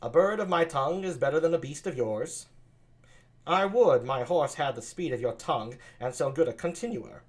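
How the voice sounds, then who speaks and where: A man doing a scornful, high-voiced noblewoman. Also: animated, normal speed, close to an everyday voice. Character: sharp-tongued young noblewoman, scornful of men.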